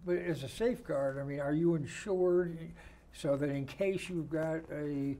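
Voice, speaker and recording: A man's voice: on the high side, unhurried, warm tone. A man hosting an interview in a TV studio, asking long, winding questions. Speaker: TV show host. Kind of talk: casual interview. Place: community TV studio.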